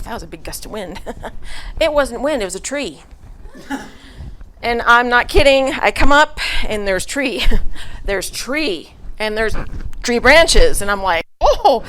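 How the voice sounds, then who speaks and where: Speaking at a measured pace, this middle-aged church speaker shares a story with her congregation. Her voice sits on the high side, a bit bright, with lively intonation, and she chats along with laughter, filler words and restarts.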